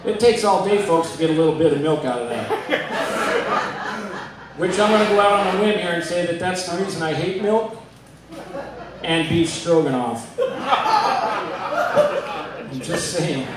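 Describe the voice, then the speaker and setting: A man from Arizona doing a stand-up comedy set, telling deadpan stories with self-deprecating punchlines. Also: fairly high pitch, normal speed, pauses often, a crowd in the background. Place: comedy club stage. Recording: echoey club from a distant mic.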